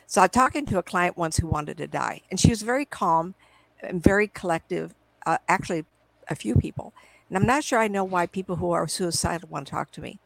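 Her lowish voice comes across animated, a little fast and creaky as the middle-aged psychic medium recounts stories in a live video interview. She wanders from point to point, reciting her own past exchanges, on a low-quality computer call recording with no echo.

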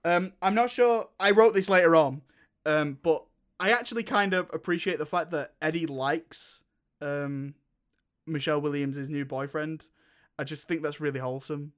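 Chatty man with a bright voice. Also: fairly high pitch, normal speed. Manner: rambling, laughs often, acts out scenes. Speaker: podcast co-host. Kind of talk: casual film review chat.

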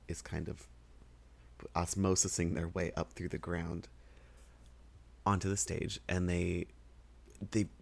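Deep gravelly man narrating his character. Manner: halting, searching for words. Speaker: player. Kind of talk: tabletop game roleplay.

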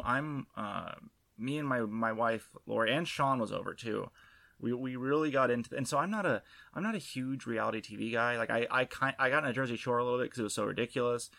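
A man's voice: medium pitch, brisk, vocal fry, bright, forceful tone. A man co-hosting a podcast in casual chat, rambling with many restarts and fillers. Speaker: podcast co-host.

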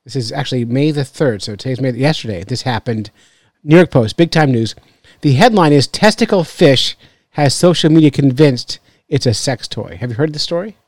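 Joking podcast host, dry close sound. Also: male voice, medium pitch, lively intonation, normal speed, no echo. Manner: joking, rambling, laughs often. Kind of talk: casual chat.

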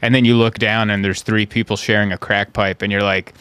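A man, a stand-up comedian, telling stories in casual chat and now and then jumping into high voices for the people in them. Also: a little fast, clear, resonant tone, dry recording. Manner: animated, acts out characters in high voices. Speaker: stand-up comedian, podcast host.

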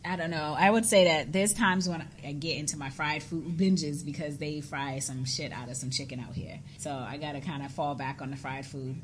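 An American woman co-hosting a podcast, relaxed and encouraging in casual chat. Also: sits low, normal speed, hardly any pauses, a little hiss or hum. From United States. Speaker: podcast co-host.

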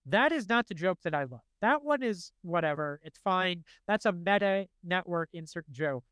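A man in his forties co-hosting a podcast in casual chat, animated and quick to quote cartoon lines in funny voices. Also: high-pitched, smooth, dry recording. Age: 40s. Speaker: podcast co-host.

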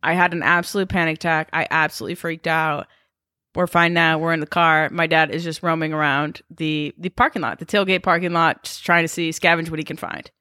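A young woman co-hosting a podcast, telling a story in a casual, animated way and swearing freely. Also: low voice, a little fast, no echo, studio quality. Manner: animated, swearing, acts out quotes. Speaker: podcast co-host.

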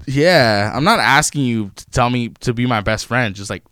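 A young man tells a story in a loud, profane, animated way. His voice is smooth and clear. It sounds close and dry, with no room around it. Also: medium pitch, moderate pace, no room sound. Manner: profane, animated retelling of customer-service run-ins. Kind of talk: casual storytelling chat.

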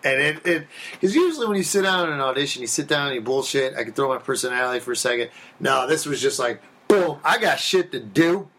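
Brief: male podcast storyteller, bright and forceful, swears, acts out the dialogue. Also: medium pitch, quick pace. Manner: animated, swearing, acts out quotes. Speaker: podcast guest telling a story. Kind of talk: casual storytelling.

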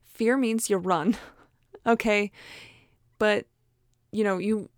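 A woman's voice: medium pitch, steady tone, slow, no echo, studio quality. Chatty encouraging woman, laughing often. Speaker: motivational speaker. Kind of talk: casual motivational talk.

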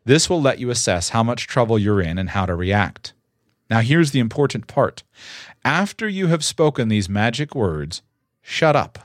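A man's voice: mid-range voice, sing-song, normal speed, dry recording, clean studio sound. A young man who reads a guide aloud and adds his own earnest, emphatic advice, stressing the key words. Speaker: instructor giving advice. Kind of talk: reading a guide aloud with commentary.

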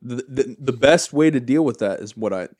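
A young man co-hosting a podcast, bantering loudly and often bursting into laughter. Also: medium pitch, expressive, moderate pace, no echo, studio quality. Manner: loud, jokey, breaks into laughter. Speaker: podcast co-host. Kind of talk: casual banter.

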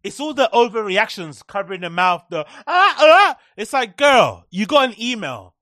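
A man with a high voice delivers sarcastic, profanity-laced commentary as a podcast host. His sound is dry and close, with no room around it. He slips into mocking impressions mid-rant. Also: sing-song, moderate pace, bright, forceful tone, no echo. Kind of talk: comedic commentary on clips.

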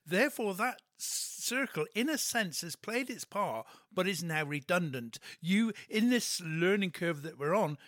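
A man hosting a conversation, talking in a reflective, measured way. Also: sits high, animated, a bit bright, dry recording, studio quality. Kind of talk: casual chat.

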